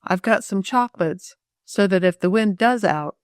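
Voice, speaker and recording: A woman's voice: mid-range voice, lively intonation, moderate pace, dry recording, studio quality, close to an everyday voice. A woman voicing a fretful young girl in a storybook, speaking with a sighing, worried manner.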